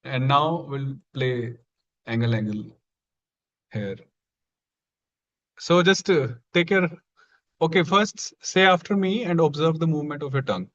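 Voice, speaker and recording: A man's voice: on the high side, measured pace, long pauses, fairly bright tone. A man teaching Sanskrit pronunciation in an online class, patient and repeating each sound for students to copy. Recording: dull lo-fi sound.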